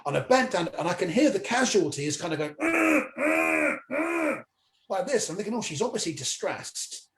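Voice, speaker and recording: A man, a stand-up comedian, telling a long personal story in an animated way, acting out the voices of the people in it and swearing freely. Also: high voice, quick pace, hardly any pauses. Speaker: comedian guest. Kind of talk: anecdotal storytelling. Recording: echoey room with faint noise.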